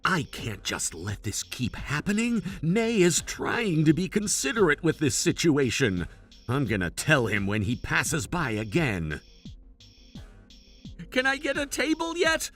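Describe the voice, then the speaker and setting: A man's voice: fairly high pitch, very animated, measured pace, soft background music. A man voicing a patient father, talking in a restrained, earnest way with simmering frustration. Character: patient father taking his daughter to dinner. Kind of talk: animated story voice acting.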